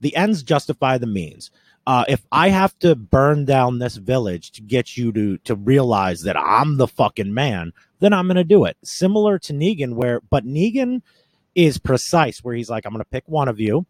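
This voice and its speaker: A man hosts a casual podcast chat, circling his points with restarts and a few swear words. His voice sits at an ordinary middle pitch for a man, recorded dry and close with no room around it. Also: very animated, moderate pace, dry recording. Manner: rambling, restarting, profane. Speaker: podcast host.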